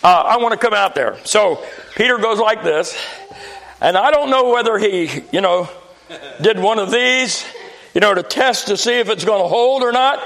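A man's voice: sits high, normal speed, gravelly, fairly bright tone. A man preaching a sermon in a church, folksy and storytelling with touches of humor.

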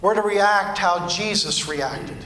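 Brief: male pastor, very high and bright voice, emphatic repeating preacher cadence, echoey church sound. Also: slow pace. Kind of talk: sermon.

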